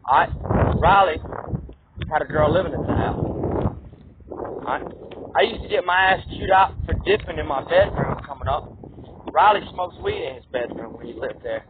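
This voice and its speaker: A man delivering an angry, profane, rambling rant to camera, recorded outdoors on a phone mic. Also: a little high. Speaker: vlogger. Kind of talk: ranting monologue to camera. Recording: tinny lo-fi audio with wind noise.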